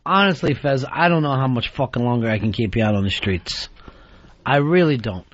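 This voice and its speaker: A man's voice: mid-range voice, expressive, a little fast, a bit bright, no room sound, muffled recording. A man hosting a radio talk show who rants in a profane, mock-exasperated way.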